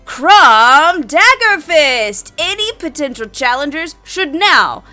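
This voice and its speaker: A woman voicing a loud, brash male fight announcer at a tabletop game. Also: high-pitched, sing-song, slow, soft background music, pitched above the performer's own voice, exaggerated voice. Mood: showy. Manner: bellowing showman, half-hearted.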